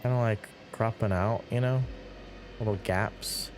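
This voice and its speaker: A man's voice: lowish voice, fairly even intonation, measured pace, darkish tone, soft background music. A man streaming a building game, rambling casually and reading viewer chat aloud between giggles.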